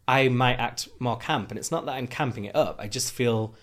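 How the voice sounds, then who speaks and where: Chatty young man with a softened Yorkshire accent. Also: medium pitch, normal speed. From Huddersfield, Yorkshire, England. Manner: chatty and animated, jumps into little acted-out exchanges. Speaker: podcast co-host. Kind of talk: casual podcast chat.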